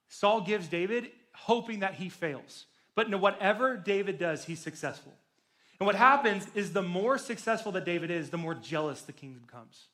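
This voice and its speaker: A man's voice: high voice, a bit bright. A young man preaching to teenagers as a youth pastor, telling a story casually and with energy, adding jokes. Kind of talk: sermon to teens.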